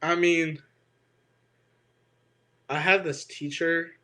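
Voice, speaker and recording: A man's voice: a little high, fairly even intonation, extremely slow, pushed and bright. A teenage boy co-hosting a podcast, chatting casually and rambling with lots of fillers and frequent swearing. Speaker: podcast co-host. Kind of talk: casual chat.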